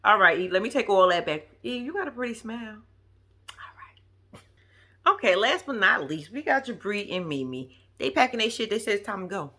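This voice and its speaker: A woman with giving a slangy, animated casual recap of a reality show, acting out the quotes. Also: medium pitch, brisk.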